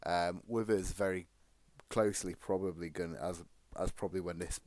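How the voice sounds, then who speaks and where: A man's voice: low voice, fairly even intonation, normal speed, a little mellow, no echo. A man co-hosting a podcast in casual chat, rambling and jokey with many restarts. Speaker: podcast co-host.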